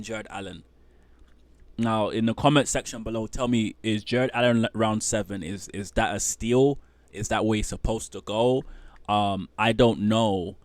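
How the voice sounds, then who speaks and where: A man's voice: on the low side, no room sound. Guy going over his fantasy league, rambly, dry close mic sound. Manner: animated, rambling, trails off into muttering. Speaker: fantasy basketball league host. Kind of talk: casual solo commentary.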